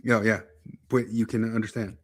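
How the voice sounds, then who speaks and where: A man co-hosting a casual podcast chat in an offhand, relaxed manner. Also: lowish voice, normal speed, breathy edge. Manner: relaxed, offhand, many fillers like "um" and "you know". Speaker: podcast co-host.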